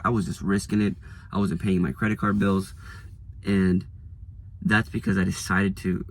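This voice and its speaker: A man's voice: low voice, creaky, a little hiss or hum. A young man, a real estate agent, telling a candid, self-deprecating story about hard times. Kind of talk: storytelling vlog.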